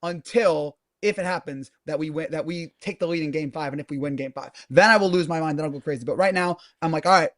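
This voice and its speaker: Male sports podcast co-host, high voice, wry and self-deprecating. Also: fairly bright tone, dry recording, clean studio sound. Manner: quick, joking, self-deprecating. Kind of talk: casual sports chat.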